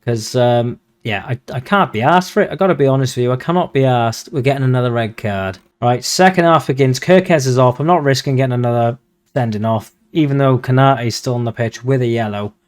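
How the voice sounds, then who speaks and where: A man giving casual, excitable commentary over a football management game, swearing when he gets frustrated. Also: medium pitch, fairly quick. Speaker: video game streamer.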